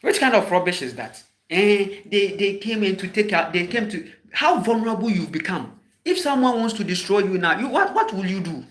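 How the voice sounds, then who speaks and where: Emphatic and reproachful, a Ghanaian spiritual teacher gives an impassioned speech built on repeated sharp rhetorical questions. His high voice carries lively intonation at a moderate pace.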